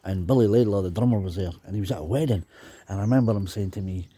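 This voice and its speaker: A man's voice: on the low side, quick pace, mellow, slight background noise. A Scottish man from Dundee in his fifties, telling chatty, rambling stories about his drumming days and often adding "you know". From Scotland. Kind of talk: casual storytelling monologue.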